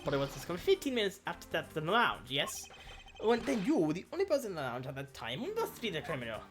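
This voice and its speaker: A woman's voice: lowish voice, big pitch swings, quick pace, background noise. A woman voicing an irritable, pompous older Frenchman in a put-on French accent, reading game dialogue aloud. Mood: impatient. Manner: indignant, haughty, stiff formal phrasing.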